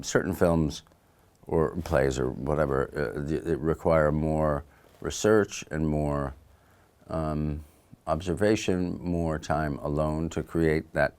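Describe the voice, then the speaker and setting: Man, very deep voice, actor-author guest, easygoing and reflective, studio mic. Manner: thoughtful, unhurried, trails off softly. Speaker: actor and author being interviewed. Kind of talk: relaxed conversational interview. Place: audiobook recording studio. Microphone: studio microphone.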